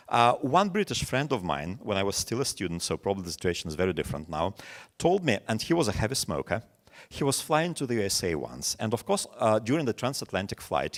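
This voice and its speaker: Russian-accented guy in his 40s, low voice but really animated, teacher-trainer webinar talk with lots of little stories. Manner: storytelling with many examples, animated quoting. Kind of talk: webinar lecture.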